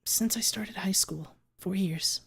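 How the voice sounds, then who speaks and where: A man voicing a pained, bitter teenage girl on the witness stand in whispered role-play, speaking quietly with a trembling, measured manner. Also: sits high, voice pushed up. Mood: guarded. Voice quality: breathy whisper.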